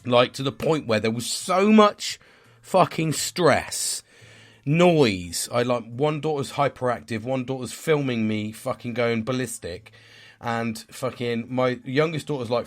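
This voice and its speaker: A man's voice: medium pitch, a little slow. A man, talking in a casual, rambling vlog monologue. He swears constantly, sounds stressed and tired, and is hard on himself. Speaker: vlogger.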